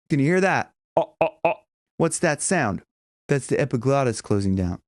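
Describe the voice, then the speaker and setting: A man's voice: mid-range voice, animated, dry recording, clean studio sound. A man working as a vocal coach, explaining singing technique in a loose way with many restarts and audible breaths. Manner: loose, demonstrating, breathy gasps between points; talks in halting restarts.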